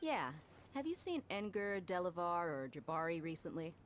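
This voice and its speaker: A woman's voice: fairly low pitch, sing-song, normal speed, slight background noise. An actress playing a confident woman mercenary in a game, frank and easygoing. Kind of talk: game voice acting.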